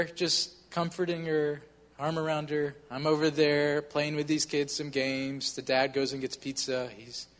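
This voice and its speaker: Man telling a story in a reverberant room. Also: fairly high pitch. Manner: conversational, many fillers like "you know". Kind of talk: casual storytelling.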